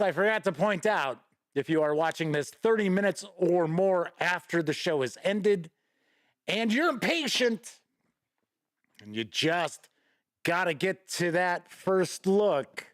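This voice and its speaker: On the high side with a fairly bright tone, this male host's voice comes through clean studio sound without echo. He runs a live-streamed gaming news show in a chatty, folksy style, greeting viewers by name and reading the news.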